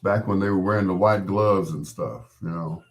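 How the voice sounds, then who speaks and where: A man's voice: low-pitched, moderate pace. A man working as a late-night radio DJ, chatting in a laid-back, storytelling way with casual slang.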